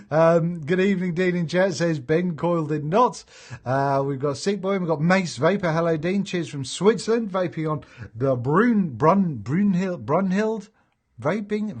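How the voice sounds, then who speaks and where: A man's voice: on the high side, breathy edge. Chatty man reading live chat. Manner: chatty and jokey, laughs often, many fillers. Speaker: host of a live vaping stream. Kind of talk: casual live-stream chat, reading viewer comments aloud.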